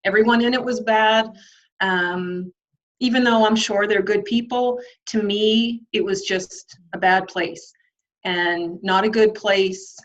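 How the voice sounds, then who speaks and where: A woman's voice: medium pitch, takes it slowly, lo-fi sound. A woman guest on a podcast interview, speaking candidly and reflectively, with frequent ums and light laughter.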